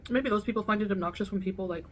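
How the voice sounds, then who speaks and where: A woman's voice: mid-range voice, rapid-fire, a little hiss or hum. Chatty woman eating on camera. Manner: chatty and relaxed, talking between bites. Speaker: mukbang video creator. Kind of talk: casual chat while eating on camera.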